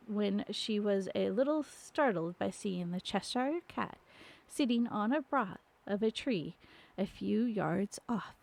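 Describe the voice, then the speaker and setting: A woman reading a storybook aloud on a live stream, unhurried, with small slips and restarts. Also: fairly high pitch, expressive, creaky, darkish tone. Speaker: storybook narrator.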